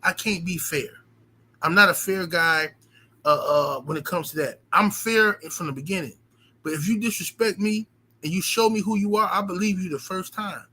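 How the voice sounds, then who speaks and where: A man's voice, high-pitched and piercingly bright, tells a story to his stream audience. His delivery is emphatic, animated and loaded with profanity. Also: normal speed, rough recording. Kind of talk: casual storytelling rant.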